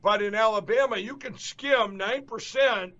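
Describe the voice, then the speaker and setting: A man's voice: sits high, unhurried, bright, forceful tone. A man hosting a political interview show, talking emphatically and repeating himself to rally his listeners. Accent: Upper Midwest American. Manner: emphatic, repetitive, rallying the audience. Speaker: show host. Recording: dull lo-fi audio.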